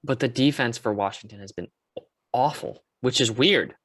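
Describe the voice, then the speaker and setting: A man's voice: medium pitch, moderate pace, a bit bright, dry recording, clean studio sound. A man co-hosting a casual sports podcast, giving loose, rambling opinions and correcting himself. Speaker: podcast co-host.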